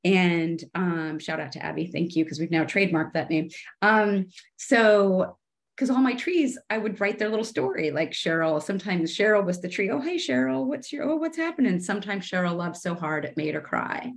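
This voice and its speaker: A middle-aged woman, a former television showrunner, chatting in an interview and acting out her past dialogue in a brighter voice. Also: normal speed. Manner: animated, chatty, acts out her own past dialogue in a higher voice. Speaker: podcast guest, television showrunner turned artist. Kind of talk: casual interview storytelling.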